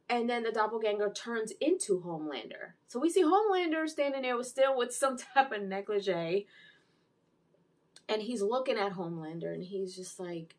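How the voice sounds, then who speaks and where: A woman giving a casual, animated recap and review of a TV episode, telling the plot with exclamations. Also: medium pitch, moderate pace. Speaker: TV series reviewer.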